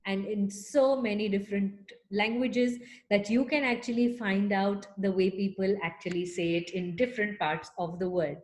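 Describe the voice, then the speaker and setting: A woman's voice: mid-range voice, fairly even intonation, moderate pace, hardly any pauses, a little mellow. A woman music teacher leading an online lesson for young children, speaking to them in an encouraging, teacherly way. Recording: echoey room.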